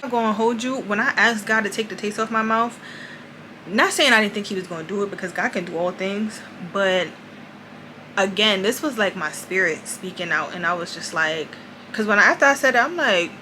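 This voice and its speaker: A young woman talks straight to her viewers in a casual confessional vlog. Her voice is bright and crisp, with "y'all" and "like" scattered all through her talk. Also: medium pitch, moderate pace, slight background noise, rough recording. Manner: chatty, addresses viewers as "y'all", many "like"s. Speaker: vlogger.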